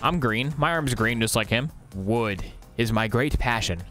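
A man streaming a video game, chatting casually and ranting in an animated, jokey way. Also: medium pitch, unhurried, soft background music. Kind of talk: casual gameplay commentary.

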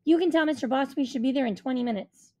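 A woman's voice: sits high, fast talker, warm tone, voice pushed up, close to an everyday voice. A woman voicing a self-assured schoolboy who talks like a business agent, with eager salesman patter, in a storybook reading. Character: confident fast-talking schoolboy who acts like an agent.

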